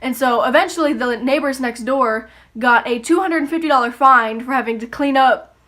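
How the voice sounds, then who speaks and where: A woman's voice: sits high, moderate pace, a bit bright. A young woman telling a story casually, swearing freely and acting out the voices. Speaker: YouTuber.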